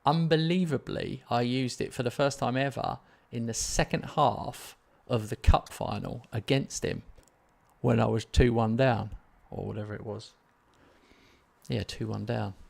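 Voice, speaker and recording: A man's voice: mid-range voice, unhurried, gravelly, darkish tone. A man hosting a gaming live stream, chatting casually and rambling in a self-mocking way while answering viewers.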